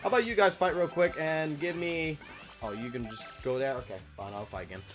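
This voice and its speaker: A man's voice: fairly high pitch, a little fast, music in the background. A man from Louisiana who hosts a stream, chatting casually while gaming and cursing freely as he plays. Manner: profane, animated, yelling at the game. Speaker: streamer and podcast host.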